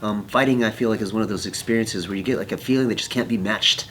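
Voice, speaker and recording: A man, a professional fighter, telling a story in casual conversation; soft-spoken and self-censoring, he acts out the people he quotes. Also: quick pace, slight background noise. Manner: animated, acts out quoted people with jumps in pitch.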